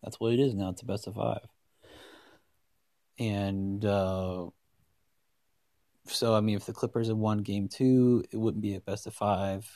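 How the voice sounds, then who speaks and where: A man hosts a solo sports podcast in a mellow, low voice. He rambles and gets excited, often restarting his sentences. The sound is close and dry. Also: a little slow, pauses often, dry recording. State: hiccups. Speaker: podcast host.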